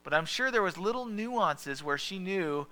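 A man preaching a sermon as pastor, talking conversationally and asking the listeners questions, often dropping to a soft hush. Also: sits high, lively intonation, moderate pace, smooth.

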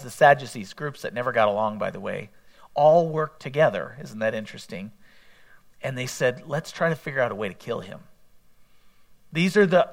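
A man preaching a conversational sermon, his voice sitting a little high for a man. He keeps asking his listeners questions and acts out the people he quotes as he works through the passage. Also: fairly bright tone. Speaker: pastor.

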